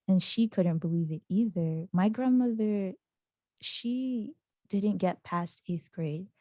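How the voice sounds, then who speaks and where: A woman's voice: medium pitch, no echo. A young woman, a student, telling a story in casual chat and acting out the voices of people she quotes. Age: young adult. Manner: animated, acts out quoted voices with laughter. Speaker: student interviewee.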